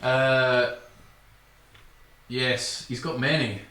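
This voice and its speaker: A man's voice: mid-range voice, steady tone, extremely slow, bright, forceful tone. A Scottish man, a band guitarist, reading out viewer comments in a dry, casual way. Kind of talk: casual live-stream banter. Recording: echoey room with live music.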